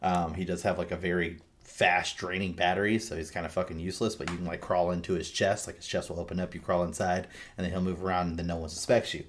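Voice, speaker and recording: A man hosting a podcast, recapping a game in a rambling, animated way and swearing freely. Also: deep voice, fast, few pauses. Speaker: podcast host. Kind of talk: casual chat.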